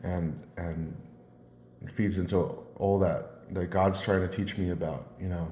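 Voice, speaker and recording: A man rambling through personal stories in a casual monologue, halting and repeating words as he restarts his sentences. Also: low voice, steady tone, mellow, slight background noise. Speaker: vlogger. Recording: roomy echo.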